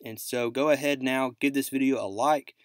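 A man's voice: mid-range voice, steady tone, moderate pace, no room sound. A man narrating a casual comic book recap as a channel host, rambling and leaning on fillers like "basically" and "like".

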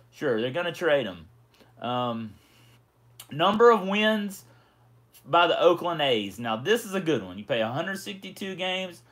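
A man's voice: fairly high pitch, fairly bright tone. A middle-aged man hosting a casual livestream, chatting and reading viewer comments aloud. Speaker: livestream host.

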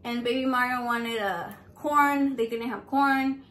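A high-pitched woman talks straight to camera from her home. She is brash and foul-mouthed, and she drops words into her as she chats through her cooking vlog. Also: unhurried. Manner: brash, foul-mouthed, animated, mixes Spanish into English. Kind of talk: casual profane chat to camera.

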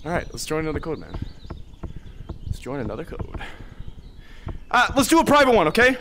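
A man's voice: a little high, huge pitch swings, fairly quick, noisy background. A young man streaming a VR game live, joking and bantering goofily with other players through his headset mic.

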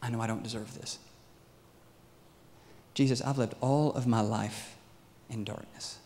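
A man voicing a humble repentant male criminal, speaking quietly and hesitantly, in a reverberant hall. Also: medium pitch, steady tone, measured pace, natural voice. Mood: pleading.

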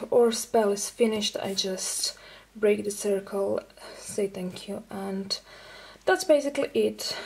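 Slow-talking, breathless young woman vlogger. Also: on the high side, darkish tone, a little hiss or hum. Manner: unhurried, chatty, with frequent fillers. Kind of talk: casual show-and-tell.

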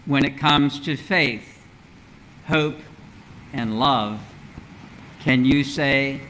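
A man preaching a sermon as pastor in a church, in a measured, earnest way with rhetorical questions. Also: medium pitch, sharp tone, slight background noise, poor audio. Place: church sanctuary.

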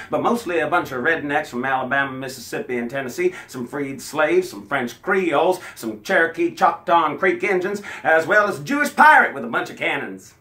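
A man's voice: fairly high pitch, sharp tone. A man telling a comic history tale and singing folk songs, wisecracking as he goes. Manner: wisecracking, breaks into song. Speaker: folk singer and storyteller.

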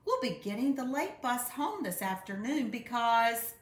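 A woman's voice: on the high side, sing-song, unhurried, pitched above the performer's own voice. An eager boy bear cub, read by a woman. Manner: eager, protesting. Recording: roomy echo.

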